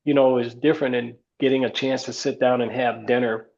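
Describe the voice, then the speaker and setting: An older man, a retired ballplayer, recounting stories in a relaxed interview, with many fillers. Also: medium pitch, a little fast. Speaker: retired baseball player, guest. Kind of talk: storytelling interview. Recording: slightly dull lo-fi sound.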